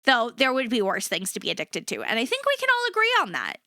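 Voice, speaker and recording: High, lively woman streamer ranting. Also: quick pace, dry recording, studio quality. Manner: ranting, swears freely, jokey and self-mocking. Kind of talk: casual chat.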